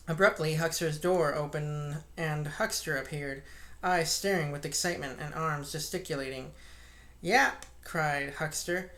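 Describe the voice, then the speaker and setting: A woman reads a classic novel aloud in a steady, measured way. Her narration is even and unhurried. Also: deep voice. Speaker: audiobook reader.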